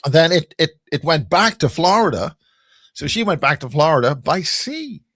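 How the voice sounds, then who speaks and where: A man from Northern Ireland, guesting on a video-call chat show, rambles and jokes his way through stories with many restarts in casual chat. His voice is a little high, a bit bright and very animated, at a normal speed. The sound is studio quality with no echo.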